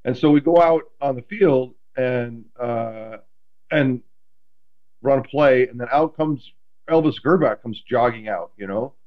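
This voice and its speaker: Guy telling old stories in an interview, lively and self-deprecating, kinda dull audio. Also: mid-range voice, unhurried. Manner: animated, self-deprecating, many restarts. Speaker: guest, former quarterback. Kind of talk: casual interview storytelling.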